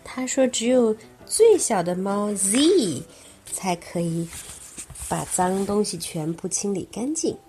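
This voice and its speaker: A woman's voice: mid-range voice, soft background music. A woman reading a children's storybook aloud to her child, stopping to explain parts of it along the way. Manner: slow, lively reading with explanations in between. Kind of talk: bilingual storybook read-aloud.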